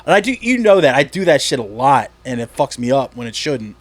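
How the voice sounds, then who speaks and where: A man from the Philadelphia area with a Philly accent, chatting casually as a podcast host, animated and swearing freely. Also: medium pitch, brisk, no room sound. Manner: animated, swearing, acts out quoted bits. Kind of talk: casual chat.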